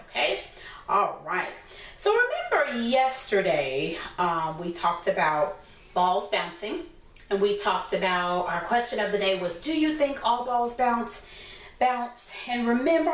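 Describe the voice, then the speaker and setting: A woman teaching a class of small children, with a slow, sing-song teacherly way of talking. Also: medium pitch, slight background noise. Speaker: preschool teacher. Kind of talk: online class lesson for young children. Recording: echoey room, voice from a distance.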